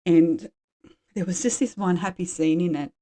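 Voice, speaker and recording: A woman's voice: fairly low pitch, fairly even intonation, moderate pace, dark tone. A woman in her forties hosting a podcast, talking frankly and in a rambling, casual way about her own life. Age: 40s. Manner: frank, rambling, drops swear words. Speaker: podcast host. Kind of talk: candid personal chat.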